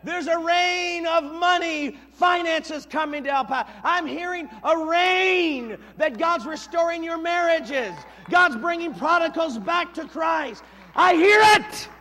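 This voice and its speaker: A man voicing a fervent male prophet, shouting his words with urgent emphasis. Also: extremely high pitch, takes it slowly, voice pushed up, full character voice. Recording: long reverb of a church hall.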